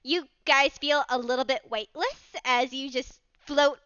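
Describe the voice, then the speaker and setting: Bright high-voiced woman game master. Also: a little slow, dry recording, lo-fi sound. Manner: lively, laughs while narrating. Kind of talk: narrating a tabletop game.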